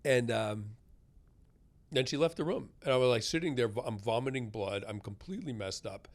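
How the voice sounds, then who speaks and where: A middle-aged American man telling a story in an interview. He talks in a loose, conversational way and keeps checking in with the listener. His voice sits at an ordinary pitch, now hushed, now loud. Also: a little fast. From United States. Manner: conversational, tag questions, swings loud and soft. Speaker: guest author.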